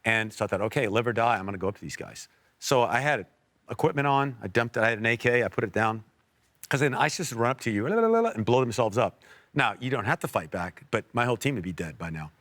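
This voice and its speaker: An American man telling a personal story on a faith talk show, earnest, with quiet and emotional stretches. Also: medium pitch, expressive, fast, no room sound. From United States. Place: TV studio.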